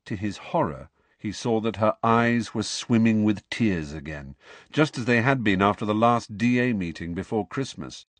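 A man narrating a novel aloud with expressive storytelling. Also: lowish voice, moderate pace, dry recording. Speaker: audiobook narrator. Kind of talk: scripted narration.

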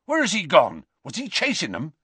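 A big, gruff, kind-hearted giant of a groundskeeper, as a male narrator puts him on, talking in rough country speech with dropped letters. His voice rises and falls in lively swings, and it sounds close and dry with no room around it. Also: on the high side, normal speed, no room sound, pitched above the performer's own voice, exaggerated voice. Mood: bewildered. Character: gruff, kindly half-giant groundskeeper man.

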